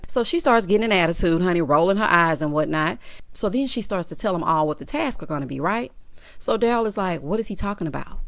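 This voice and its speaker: A sassy woman with a Southern accent, talking over a reality show with lively asides. Her voice sits in a middle range and sounds dry and close, with no room echo behind it. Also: medium pitch. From American South. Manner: sassy, expressive, quick to react with laughter and asides. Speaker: show recap host. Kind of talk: casual reality TV recap.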